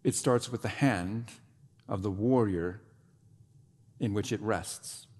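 A male pastor delivering a sermon with deliberate, dramatic pacing. He lets phrases hang and then sinks to a low, hushed tone. His voice rings out with a long reverb, as in a church sanctuary. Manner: dramatic preaching with long pauses and sudden drops to a low quiet voice.

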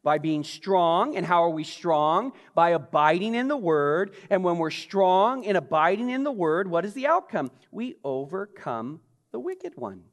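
High-voiced preacher in an echoing hall. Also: male voice, big pitch swings, a little slow. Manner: impassioned, dropping to hushed intensity. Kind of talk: sermon. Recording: long reverb of a large hall.

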